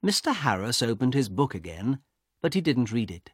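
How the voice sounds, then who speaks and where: A man reading a story aloud as narrator, slow and deliberate. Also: mid-range voice, big pitch swings, husky, no room sound, studio quality.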